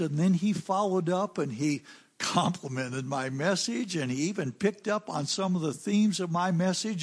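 Slow-talking American preacher man. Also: a little high. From United States. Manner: unhurried anecdotal telling with fillers. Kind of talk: sermon storytelling.

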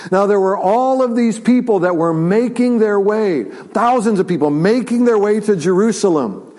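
A man's voice: expressive, moderate pace, mellow. A male pastor preaching a sermon, retelling a story with many restarts and fillers. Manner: acts out quotes with rising pitch and volume.

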